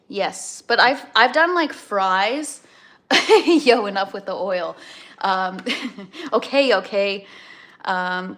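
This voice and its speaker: A woman's voice: mid-range voice, a bit bright. A woman from Canada hosting a live cooking stream, rambling in casual chat and greeting viewers by name.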